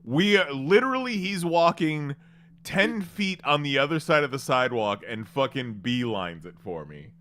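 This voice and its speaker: A man in casual podcast chat, adding slow, drawn-out remarks. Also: medium pitch, expressive, a bit bright.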